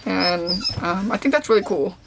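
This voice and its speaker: A young deaf woman chatting casually to camera, telling stories in a slangy, animated way and acting out what people said. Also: mid-range voice, normal speed, gravelly, noisy background. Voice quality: deaf speaker's voice. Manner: animated storytelling, slangy, acts out quotes. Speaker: vlogger. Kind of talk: casual talking-to-camera recap.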